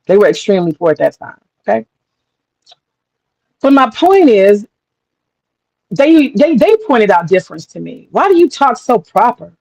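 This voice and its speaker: A woman's voice: mid-range voice, vocal fry, a little mellow, no room sound, low-quality recording. A woman talking in a blunt, profane casual monologue as a commentator, acting out other people's voices as she goes.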